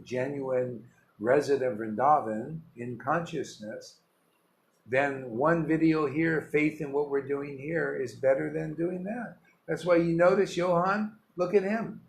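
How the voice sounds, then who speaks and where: A man's voice: fairly high pitch, slight background noise. A man, a spiritual teacher, giving an informal devotional talk, emphatic and rambling, full of rhetorical questions. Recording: roomy echo with faint ambience.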